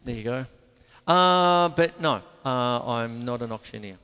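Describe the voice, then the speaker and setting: A man with an Australian accent hosting a casual drum lesson, chatty and animated, counting beats aloud. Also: mid-range voice, a little slow, smooth, long reverb tail. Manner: animated, chatty, breaks into counting and scat sounds. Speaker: drum teacher and show host. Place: home room with a couch.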